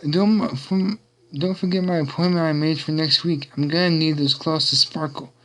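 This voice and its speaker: A man's voice: fairly high pitch, steady tone, normal speed, fairly bright tone, voice pushed up, natural voice, poor audio. A man voicing a vain young male dragon who sounds nervous and defensive.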